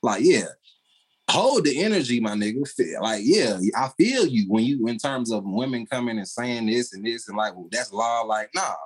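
A man's voice: mid-range voice, lively intonation, normal speed, husky, rough recording. A man in casual podcast conversation, talking emphatically in slang and laughing often.

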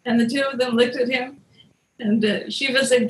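The host offers a wry, easygoing retelling of a myth, sounding like she's swapping stories with friends. Her voice is a little high and steady at a moderate pace, on a low-quality recording.

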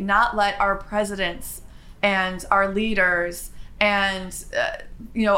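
A woman vlogger telling a spiritual story in a chatty, animated way, with quick asides. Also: mid-range voice.

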